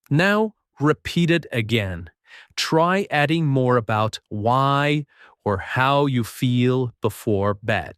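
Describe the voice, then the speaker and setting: Male English teacher, slow and animated, dry close recording. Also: medium pitch, dry recording. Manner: slow, clear, encouraging, repeats phrases.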